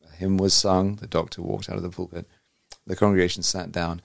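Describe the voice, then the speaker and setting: A man's voice: deep voice, level tone, a little fast, vocal fry, no room sound, clean studio sound. A man from England hosting an interview, enthusiastic and rambling, with many restarts as he tells stories. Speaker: host. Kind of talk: conversational interview.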